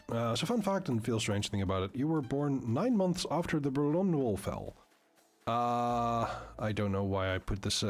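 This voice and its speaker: A man streaming a game live, chatting casually with viewers in a rambling way, full of fillers and restarts. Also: mid-range voice.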